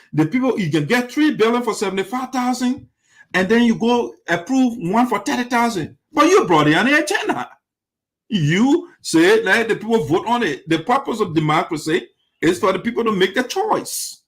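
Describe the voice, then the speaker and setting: A man hosting a critical political commentary, indignant and full of rhetorical questions that circle back to the same points. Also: sits high. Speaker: commentary show host.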